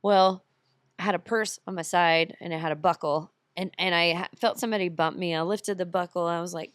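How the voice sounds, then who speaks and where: A woman from the United States, a podcast guest who tells travel stories in a lively way and laughs often. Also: fairly low pitch, brisk, clear, resonant tone, dry recording, studio quality. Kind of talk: casual chat.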